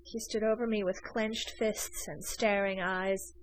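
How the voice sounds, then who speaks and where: A woman narrating an audiobook of a classic novel in an even, measured reading. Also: medium pitch, low-quality recording. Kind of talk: scripted narration.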